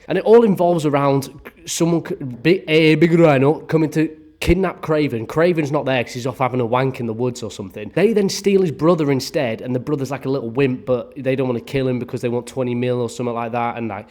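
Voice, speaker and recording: A man's voice: mid-range voice, brisk, darkish tone. Exasperated young man ranting. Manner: exasperated, swearing, sarcastic. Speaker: film reviewer. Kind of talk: casual ranting film review.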